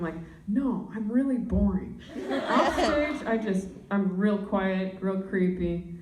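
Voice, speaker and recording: A young woman doing stand-up comedy, talking in a low, deadpan voice with deep tones. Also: slow pace, echoey room, distant mic, background noise. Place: comedy club stage.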